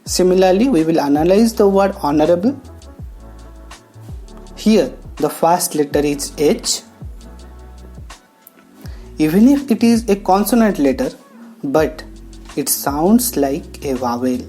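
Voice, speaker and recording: A woman teaching English grammar, talking slowly and explaining each step with pauses. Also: low voice, expressive, dark tone. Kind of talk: classroom lesson narration. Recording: faint background music.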